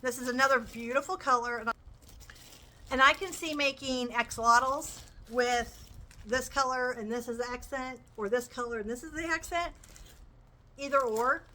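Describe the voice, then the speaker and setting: A woman's voice: high-pitched, moderate pace, bright, forceful tone, a little hiss or hum, rough recording. A woman chatting enthusiastically as she shows off her crochet purchases. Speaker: crochet vlogger. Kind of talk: casual show-and-tell chat.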